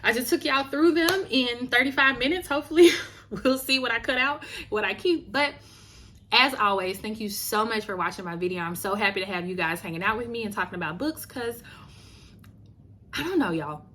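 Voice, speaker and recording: A woman's voice: on the high side, moderate pace. Chatty woman book vlogger from Louisiana. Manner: chatty and animated, addresses viewers as y'all. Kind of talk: casual book review chat.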